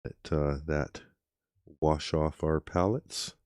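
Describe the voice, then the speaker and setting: A man's voice: very deep voice, slow, no echo, studio quality. A man hosting a stream, chatting casually into a microphone and reacting to clips in a rambling way. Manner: relaxed, rambling, with frequent ums and chuckles. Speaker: streamer host. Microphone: desk microphone.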